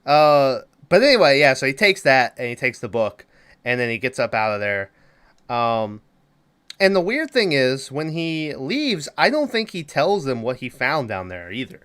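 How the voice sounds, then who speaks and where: Bright, clear-voiced man recapping a film. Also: medium pitch, very animated, normal speed. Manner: rambling, loose, with many fillers and profanity. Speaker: podcast co-host. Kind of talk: casual movie recap chat.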